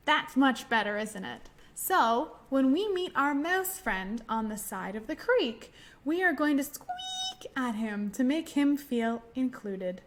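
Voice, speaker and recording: A woman leading a children's library storytime, talking gently and singing nursery songs in a slow, sing-song way. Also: high voice, very animated. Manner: soft whispered singing.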